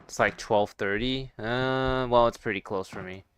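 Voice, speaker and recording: A man's voice: mid-range voice, measured pace, noisy background. A young man streaming a VR game, chatting casually with viewers in a rambling, stop-start way with some swearing. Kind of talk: casual gaming stream chat.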